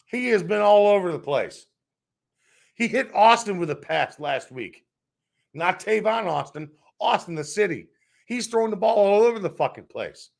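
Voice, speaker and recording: A gravelly-voiced man rants as a sports talk host. His pitch swings widely as he hammers his points again and again, and he swears freely. His voice sits a little higher than most men's. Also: animated, moderate pace. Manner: heated, profane, repetitive ranting.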